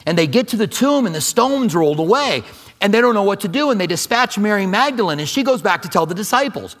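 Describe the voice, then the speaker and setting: A middle-aged man preaching from the pulpit, his somewhat high voice jumping between lively, excited retelling and soft, hushed moments. He speaks in a storyteller's manner, building scenes with energy before dropping low. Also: fast talker. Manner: storytelling, wide swings from loud animated to hushed. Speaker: pastor. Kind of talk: sermon.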